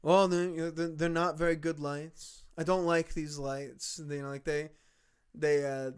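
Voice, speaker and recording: A man doing a slow, halting impression of a vain older male politician in a podcast chat. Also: on the high side, flat delivery, clean tone, lightly acted. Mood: mock-serious.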